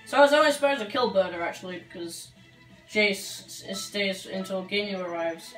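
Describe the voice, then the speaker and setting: A woman's voice: mid-range voice, normal speed, a bit bright. Woman let's-player, joking banter, sits off-mic in a roomy space over game music. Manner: chatty, joking, says like a lot. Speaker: gameplay commentator. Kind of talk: let's play commentary. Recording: echoey room, far from mic, game music.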